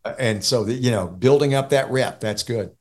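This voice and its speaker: A man who is a guest on a podcast, telling stories in a lively way and laughing easily. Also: mid-range voice, normal speed. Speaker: podcast guest, radio station owner. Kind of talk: casual interview chat.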